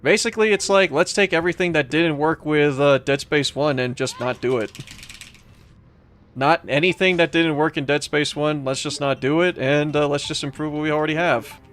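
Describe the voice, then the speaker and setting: A man's voice: on the high side, normal speed, fairly bright tone. Young man rambling over a horror game. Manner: rambling, with frequent fillers and restarts. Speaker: let's play streamer. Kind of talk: casual gameplay commentary reading chat.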